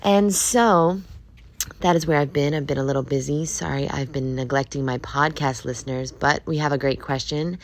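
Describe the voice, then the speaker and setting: Low-voiced woman podcast host, just woke up. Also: steady tone, fairly quick, hardly any pauses, slight background noise. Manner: upbeat and encouraging, repeats "okay?" and "all right?". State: just woke up, voice deeper than usual. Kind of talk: casual solo podcast monologue.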